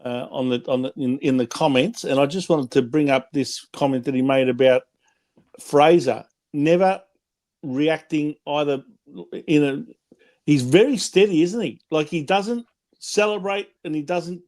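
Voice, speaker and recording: Man, fairly high voice, co-host, casual sports chat, easygoing. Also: a little slow, a little mellow. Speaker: podcast co-host.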